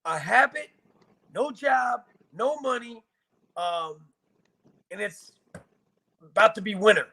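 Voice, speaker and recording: A man's voice: high-pitched, animated, slow pace, creaky, pauses often, sharp tone. A man from Virginia bluntly recounting hard times in a casual, profane, emotional interview. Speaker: guest telling his life story.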